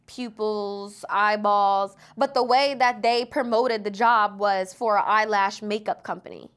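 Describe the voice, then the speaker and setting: A woman's voice: mid-range voice, fairly even intonation, a little slow, fairly bright tone, smooth. A young woman chatting casually as a podcast guest, telling stories with many fillers and laughs. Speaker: guest, content creator.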